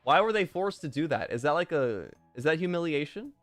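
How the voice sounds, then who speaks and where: A young man streaming and casually chatting while reading fan messages, swearing often and jumping into loud outbursts. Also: on the high side, brisk, no room sound, soft background music. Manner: excitable, swears a lot, swings to loud outbursts.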